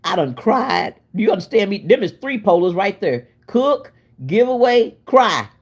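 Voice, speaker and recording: A woman hosting a casual cooking livestream, chatty and expressive, laughing and answering her viewers while she cooks in her home kitchen. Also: mid-range voice, normal speed, husky. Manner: chatty and expressive, laughing and talking back to chat. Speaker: livestream host.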